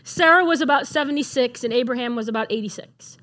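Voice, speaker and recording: A woman's voice: high voice, quick pace, fairly bright tone. A middle-aged woman giving a conversational sermon, earnest and asking the room questions. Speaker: speaker at a church gathering.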